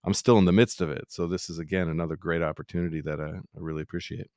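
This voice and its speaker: Really deep voiced guy rambling and second-guessing himself, dry close sound. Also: little pitch movement, very fast, darkish tone, no echo. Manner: reflective, rambling, self-questioning. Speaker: chef. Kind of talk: candid podcast conversation.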